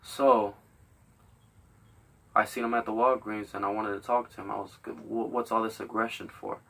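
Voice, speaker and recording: Bright-voiced man ranting profanely. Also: fairly low pitch, normal speed, creaky, recorded from a distance. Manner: heated, profane, animated storytelling with acted quotes. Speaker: podcast host. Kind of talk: profane storytelling rant.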